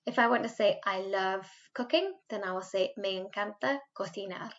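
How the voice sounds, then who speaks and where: In this lo-fi recording of a remote language lesson, a medium-pitched Welsh woman patiently teaches Spanish, saying words slowly so they can be repeated.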